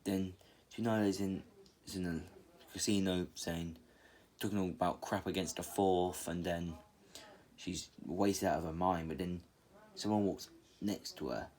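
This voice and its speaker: A man's voice: sits low, fairly even intonation, unhurried, long pauses, a little mellow. A man casually retelling a fan story, rambling and full of fillers and restarts.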